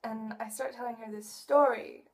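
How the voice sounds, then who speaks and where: A woman's voice: fairly high pitch, fairly even intonation, normal speed, gravelly, a little mellow, distant mic. A teenage girl giving a casual video message to a friend, chatty and rambling, often laughing as she talks. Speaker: vlogger addressing a friend.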